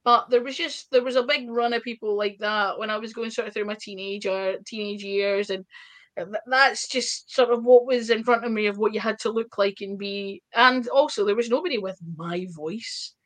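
A woman with a Scottish accent, a wrestler telling stories in a casual interview, chatty and full of quick asides. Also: on the high side, fairly bright tone. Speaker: wrestler guest.

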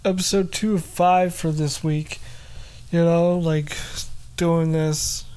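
A man's voice: fairly high pitch, level tone, slow pace, a little mellow, clean tone. A man hosting a solo podcast, rambling casually and slipping into silly voices and jokes, laughing at his own bits. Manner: goofy, slips into silly put-on voices and bits. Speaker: podcast host.

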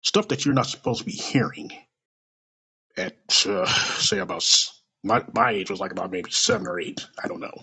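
A man's voice: mid-range voice, very animated, normal speed, gravelly, pushed and bright, husky. A man telling a personal story aloud in a blunt, profane and emotional way.

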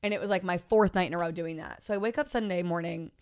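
A woman's voice: fairly low pitch, fast, clean tone. A young woman co-hosting a podcast, telling stories in casual chat with lots of "like". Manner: chatty, animated storytelling with frequent "like". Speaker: podcast co-host.

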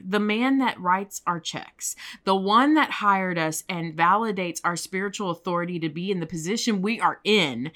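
A young adult woman co-hosting a faith podcast, telling a story in a lively, dramatic way. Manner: animated, dramatic storyteller with big pitch swings. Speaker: podcast co-host. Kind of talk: storytelling chat.

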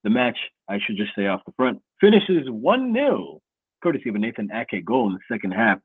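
A man with a lowish, husky voice hosts a loose football podcast. He talks in a playful, hype-man way, and the sound comes through thin and phone-like with no room echo. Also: fairly even intonation, fast. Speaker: podcast host. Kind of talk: casual sports podcast chat.

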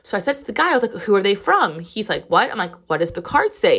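A woman's voice: lowish voice, expressive, fast talker, few pauses, fairly bright tone, slightly rough. A woman in her twenties hosting a podcast, telling a story in casual, chatty talk full of "like" and swearing. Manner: chatty, profane storytelling with lots of "like". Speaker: podcast host. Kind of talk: casual solo podcast monologue.

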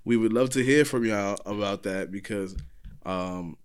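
A man's voice: on the low side, measured pace, clean tone. A man co-hosting a podcast, speaking in slangy casual talk, explaining his view and turning to listeners. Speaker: podcast co-host. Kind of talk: casual explicit banter.

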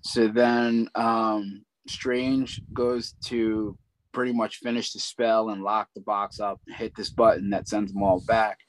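A man with a fairly low voice chats loosely about a film. He retells it in a rambling way, with plenty of ums and likes. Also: little pitch movement, slow pace, rough recording. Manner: rambling retelling with many fillers. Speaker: movie recap co-host. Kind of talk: casual chat.

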